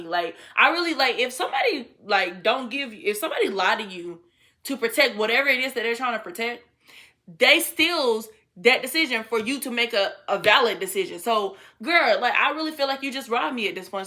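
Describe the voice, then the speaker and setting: A woman vlogger tells a personal story straight to camera in a blunt, unfiltered way. Her voice sits a little high and sounds bright and forceful. She swears casually and breaks into laughter often.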